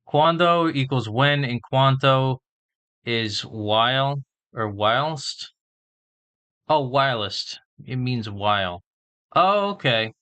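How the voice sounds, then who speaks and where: Male vlogger, mid-range voice, slow deliberate delivery, casual chatty self-talk while studying. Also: mid-range voice, a bit bright. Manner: slowly sounds out and spells words while learning; chatty, thinking aloud. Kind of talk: casual language-learning vlog.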